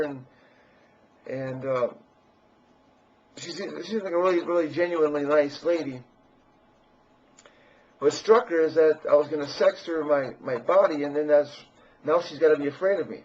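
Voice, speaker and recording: Man with a fairly high, husky voice, rambling crudely and boastfully to camera on a dull lo-fi mic. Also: normal speed, long pauses, a little mellow. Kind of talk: rambling personal monologue.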